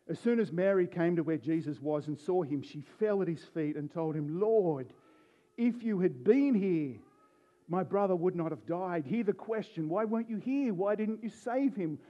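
A man's voice: sits high, mellow. A man preaching an Easter sermon, earnest and emphatic, reading scripture aloud in a dull lo-fi recording.

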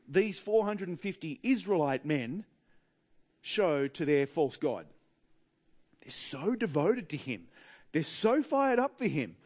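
A man with an Australian accent preaching a sermon in a wry, humorous way, with dramatic pauses. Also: high voice.

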